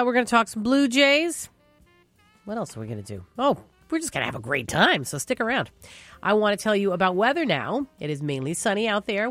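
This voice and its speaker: A woman's voice: medium pitch, a bit bright, dry recording. A woman with a Newfoundland accent hosting a jazz radio show, talking in a chatty, loose way with fillers. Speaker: radio host.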